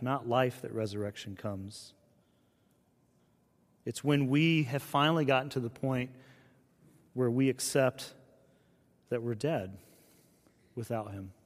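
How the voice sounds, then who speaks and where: A man preaching a sermon as a pastor, in a conversational, earnest style that often drops to a hushed delivery. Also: mid-range voice. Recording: long reverb of a large hall.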